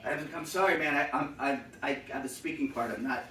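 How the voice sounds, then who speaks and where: A man telling funny stories to a live audience, acting out other people with loud shouted voices. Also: mid-range voice, fairly quick. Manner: animated, acts out shouting voices. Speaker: comedic storyteller. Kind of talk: live storytelling set. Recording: echoey room, mic from a distance.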